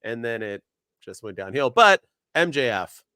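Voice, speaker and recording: A man co-hosting a wrestling podcast, talking in animated, ranting bursts. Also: medium pitch, normal speed, dry recording, clean studio sound. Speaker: podcast co-host. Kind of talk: casual podcast chat.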